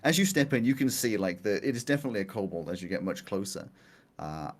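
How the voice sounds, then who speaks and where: A man running a tabletop game as game master, talking casually, laughing often and filling pauses with "uh" and "like". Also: fairly low pitch, animated. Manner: chatty, laughing, many fillers.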